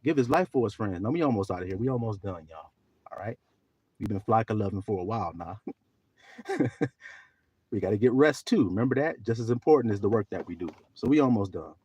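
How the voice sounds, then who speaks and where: A man preaching on a livestream, swinging from soft talk to shouting and drawing out scripture slowly. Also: lowish voice, animated, slightly rough, no echo, lo-fi sound. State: teary. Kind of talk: livestream sermon.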